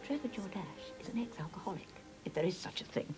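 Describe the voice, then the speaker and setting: Prim chiding wife. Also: female voice, lowish voice, very animated, quick pace, over music. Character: prim, tactful middle-class wife.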